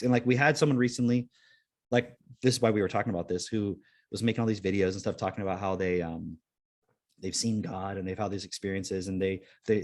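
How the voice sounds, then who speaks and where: A man's voice: lowish voice, a little mellow. A man hosting a podcast in casual chat, rambling and laid-back, with lots of "like" and free swearing. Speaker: podcast host.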